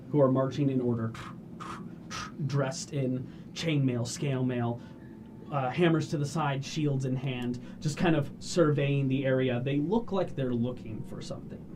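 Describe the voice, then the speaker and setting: A man narrating a tabletop game as game master, describing scenes in a measured way and calling for dice rolls. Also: mid-range voice, noisy background.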